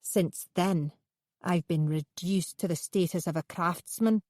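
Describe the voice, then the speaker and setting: A woman's voice: on the low side, unhurried, darkish tone, no echo, studio quality. Woman doing a bitter, menacing male artist. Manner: congenial on top, snarling underneath.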